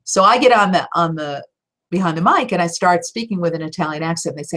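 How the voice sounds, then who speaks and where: A slightly low-pitched woman coaches aspiring voice actors in a live question-and-answer session. She talks directly and warmly encouraging, leaning on key words with firm emphasis and slipping in quick laughs. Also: expressive. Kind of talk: live Q&A teaching talk.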